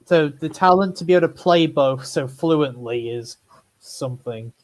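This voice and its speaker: A man co-hosting a podcast, chatting casually in a relaxed, agreeable way, often filling pauses with "like". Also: a little high. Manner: relaxed, agreeable, lots of fillers like "like". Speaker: podcast co-host. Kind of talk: casual chat.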